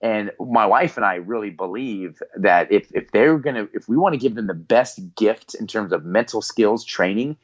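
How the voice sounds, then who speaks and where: A man's voice: lowish voice, moderate pace, few pauses. Middle-aged guy on a podcast telling a story, earnest, does little voices for people, kinda muffled audio. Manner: earnest, animated storyteller who acts out quoted voices. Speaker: podcast guest, performance psychologist. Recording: slightly dull lo-fi audio.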